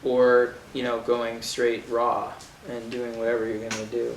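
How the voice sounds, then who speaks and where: A man's voice: medium pitch, completely flat delivery, unhurried, a little hiss or hum. A man, a comics writer, answering questions in casual, rambling talk at a live event and laughing easily. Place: comic shop event room. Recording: roomy, distant mic, faint ambience.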